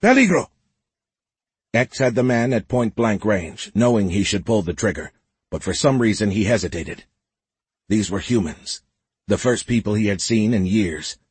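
A man narrating an audiobook in a steady, measured storytelling voice. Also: lowish voice, husky, dry recording. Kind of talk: scripted narration.

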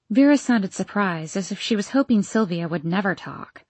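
A woman's voice: medium pitch, expressive, moderate pace, hardly any pauses, a little mellow, no room sound. Woman narrating a novel, dry sound. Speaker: audiobook narrator. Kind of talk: first-person novel narration.

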